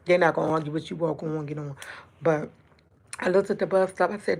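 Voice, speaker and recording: A woman telling a rambling story to her livestream audience, talking fast and jumping from point to point. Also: low-pitched, gravelly. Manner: fast, rambling talk that jumps around; chatty and animated when retelling events. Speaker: livestream host. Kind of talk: casual storytelling to a live audience.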